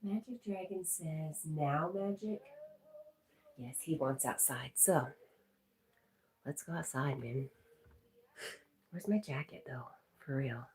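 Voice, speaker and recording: Low, slow-talking woman livestreaming from home. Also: a little mellow. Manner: chatty, talks to her pet and reads viewer comments aloud. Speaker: livestream host. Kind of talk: casual livestream chat. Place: home indoors. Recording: roomy echo, mic at a distance, faint noise.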